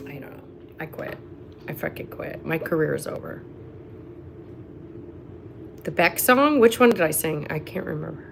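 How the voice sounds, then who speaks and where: A woman's voice: low voice, expressive, moderate pace, creaky, pauses often, loud music behind the voice. A woman, chatting on a live stream in a rambling, self-mocking way with laughing asides. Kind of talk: rambling casual chat between sung snippets. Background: ukulele strumming.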